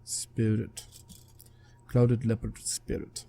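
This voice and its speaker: A man's voice: lowish voice, monotone, slow, gravelly, mellow, a little hiss or hum. A man voicing a terse male clouded leopard spirit who speaks in broken, clipped phrases for a game. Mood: solemn.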